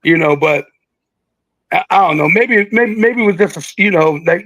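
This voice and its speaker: A man in his sixties telling stories as a guest in a casual interview, animated and joking, acting out quotes with big jumps in his voice. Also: high-pitched, moderate pace, no echo, low-quality recording. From Philadelphia. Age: 60s. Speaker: guest, veteran rapper.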